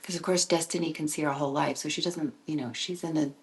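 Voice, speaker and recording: A woman hosting her own podcast, talking in a reflective solo monologue, musing and sometimes dropping into a soft whisper, with frequent restarts when she gets excited. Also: deep voice, fast talker, low-quality recording. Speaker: podcast host and author.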